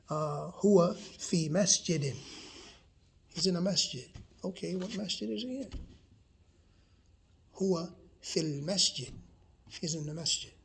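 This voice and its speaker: A man's voice: on the high side, a little hiss or hum. A man giving a casual spoken lesson, explaining patiently and checking in with his listeners as he goes. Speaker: teacher.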